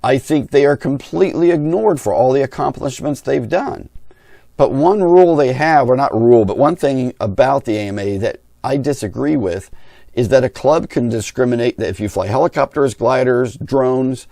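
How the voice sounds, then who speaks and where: A man's voice: medium pitch, moderate pace, gravelly, warm tone, dry recording, studio quality. A middle-aged man who hosts a hobby channel, telling a story in a blunt, opinionated way. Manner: blunt, opinionated, talks with his hands in words. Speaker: RC pilot and channel host. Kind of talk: candid storytelling rant.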